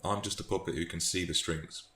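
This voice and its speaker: A British man voicing a detached godlike male superbeing, declaiming loudly. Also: low voice, fairly even intonation, brisk. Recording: echoey room, faint noise.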